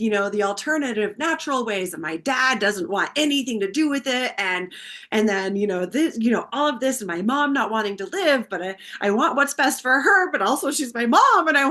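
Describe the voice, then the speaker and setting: A woman guest on a podcast, telling a personal story in a heartfelt, animated way. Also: on the high side, normal speed.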